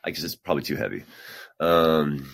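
Very deep gravelly man reading science news. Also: moderate pace, fairly bright tone, dry recording. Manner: casual, swears, breaks off into self-deprecating asides. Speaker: podcast host.

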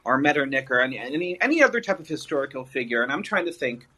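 A man's voice: medium pitch, very animated, fast, bright, forceful tone, husky, low-quality recording. A man in his early thirties calling in to a podcast, talking casually in a rambling, hesitant way with many fillers. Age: 30s. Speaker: caller. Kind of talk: casual chat.

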